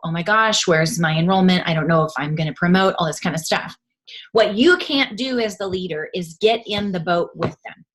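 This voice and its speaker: A woman's voice: on the low side, fairly bright tone. A woman in her thirties giving a motivational talk to her team as its leader. She coaches earnestly and acts out the voices she quotes.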